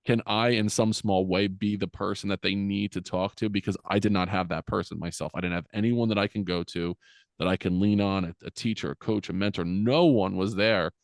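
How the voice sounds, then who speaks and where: A middle-aged man speaks in a low, deep voice as a podcast guest. He tells a personal story in an earnest, frank manner, casual, with fillers. The sound is dry and close. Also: fairly even intonation, a little fast, creaky, dry recording.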